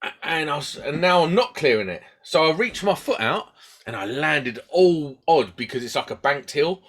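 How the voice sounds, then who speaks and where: Speaking at a moderate pace in a slightly high voice, a male podcast host relates a story during a relaxed storytelling chat. He's lively, imitates the people he quotes, and laughs at himself.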